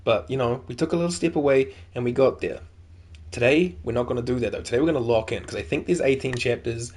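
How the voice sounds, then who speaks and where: A man's voice: mid-range voice, fast talker, darkish tone, breathy edge. A man giving loose, casual commentary while playing a game, chatty and swearing now and then. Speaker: gaming streamer. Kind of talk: casual let's-play commentary.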